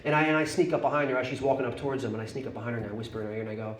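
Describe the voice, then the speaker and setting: A young man doing a stand-up comedy set on a club stage. He tells his stories quickly and profanely, tagging his lines with "right?". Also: mid-range voice, level tone, a little hiss or hum. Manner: fast, profane storytelling, tags lines with "right?". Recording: echoey club with audience laughter.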